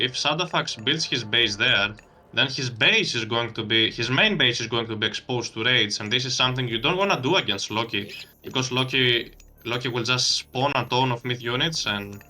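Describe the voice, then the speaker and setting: A man's voice: medium pitch, moderate pace, pushed and bright, faint music behind. A man casting a strategy game match, breaking down plays analytically and laughing easily. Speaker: esports caster. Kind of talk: game commentary.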